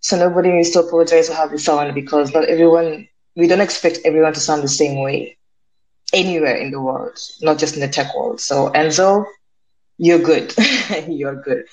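Polite, measured woman from Africa. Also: sits low, darkish tone, poor audio. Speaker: student. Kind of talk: casual live audio chat.

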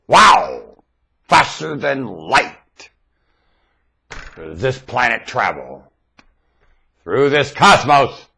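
A man with a husky, bright-edged voice rambles into his webcam, his pitch leaping all over the place. He talks slowly and draws out his words, going from low mutters to excited outbursts. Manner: theatrical, erratic, swings from mutters to excited shouts. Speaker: self-styled webcam broadcaster.

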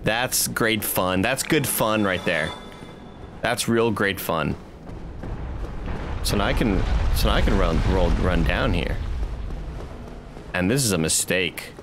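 A man streaming a video game, reacting loudly to the action, swearing and laughing as he plays. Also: low-pitched, expressive, slow, long pauses, noisy background. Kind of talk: casual gameplay commentary.

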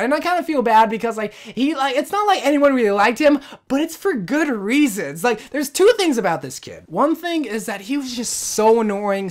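A woman gaming commentator telling a storytime rant in a casual, slangy, animated way. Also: mid-range voice.

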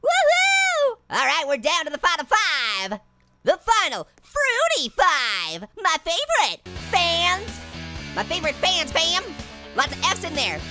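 A man's voice: huge pitch swings, measured pace, bright, forceful tone, exaggerated voice. A man voicing a hyperactive, giggly male talking orange in a cartoon let's-play, squealing and joking through close calls. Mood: giddy. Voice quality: squeaky, high and nasal with constant giggles. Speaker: gaming channel host. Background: game music.

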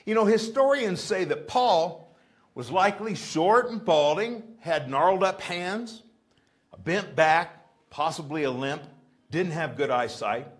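A man's voice: on the high side, animated, a little slow. A male pastor, preaching a sermon and often asking the congregation rhetorical questions. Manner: acts out pleading prayers in a raised voice. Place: church.

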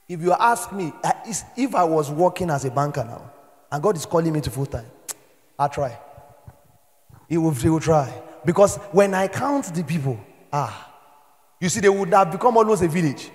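A man's voice: on the high side, moderate pace. Nigerian man preaching in an echoey hall. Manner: swings from soft storytelling to shouted exhortation. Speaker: pastor. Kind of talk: sermon.

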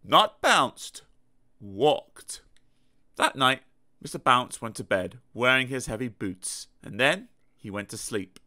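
A man reading a children's storybook aloud in a lively, playful way, with sound effects. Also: medium pitch, normal speed. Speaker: audiobook narrator.

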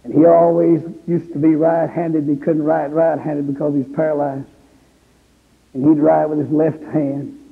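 A preacher delivers his sermon as a story in a high-pitched, gravelly voice. The sound is tinny and phone-like, echoing through a large hall. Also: level tone, moderate pace. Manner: storytelling with rising, crying shouts at emotional peaks.

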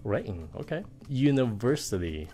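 A woman's voice: rumbling low, big pitch swings, moderate pace, dark tone, faint music behind. A Vietnamese woman hosting a casual pronunciation lesson, asking curious questions and reacting with surprise. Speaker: host, English teacher.

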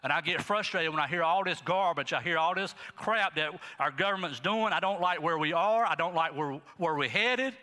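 A middle-aged male pastor preaching a sermon in a folksy, animated way, talking straight to the congregation. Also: a little high, normal speed, hardly any pauses, big-room sound. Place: church sanctuary.

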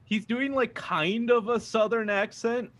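A man's voice: very high voice, fairly even intonation, a little slow, fairly bright tone, a little hiss or hum. A man in a casual movie podcast, pointing out small details in a precise way. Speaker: podcast guest. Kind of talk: casual movie-discussion chat.

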